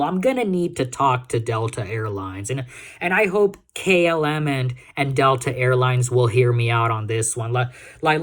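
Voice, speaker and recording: A young man from Texas, without a Texas accent, talking casually to his viewers in a vlog. He stumbles and repeats words often, restarts his sentences, and keeps checking in with "you know, guys?". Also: fairly high pitch. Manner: keeps asking "you know what I'm saying, guys?". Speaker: YouTube vlogger.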